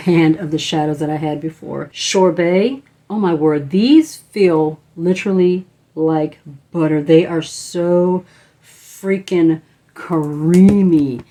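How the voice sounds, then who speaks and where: A woman's voice: sits low, warm tone. A woman beauty vlogger, likely in her thirties, from the United States, chatting casually and gushing enthusiastically about eyeshadow palettes. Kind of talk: casual product review.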